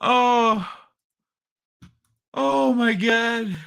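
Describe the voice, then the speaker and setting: A woman's voice: a little high, very slow, gravelly, fairly bright tone, clear, resonant tone. A woman streamer giving casual reaction commentary, swearing and laughing at clips.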